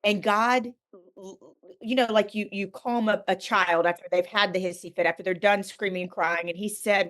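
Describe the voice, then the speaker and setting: A woman's voice: medium pitch, fairly even intonation, normal speed, fairly bright tone. A middle-aged woman, a guest author on a podcast, telling a candid personal faith story with earnest emphasis.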